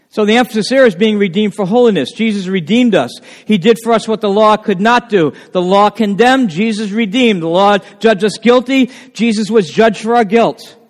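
High-pitched guy preaching in church, asks the crowd stuff, echoey hall. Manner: asks the congregation questions, stretches key words slowly. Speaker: pastor. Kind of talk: sermon.

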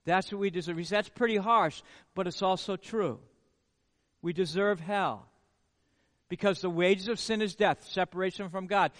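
A man preaches with a strikingly high voice, driving his points home through repeated words and rhetorical questions. His voice rings out into a hall with a long reverb tail. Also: a bit bright. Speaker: pastor. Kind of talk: sermon.

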